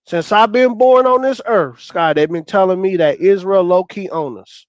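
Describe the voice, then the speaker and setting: A man's voice: high voice, moderate pace, dry recording, muffled recording. A man arguing hotly on a call-in panel, fired up and profane, talking over the others on a remote call. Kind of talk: heated call-in panel debate.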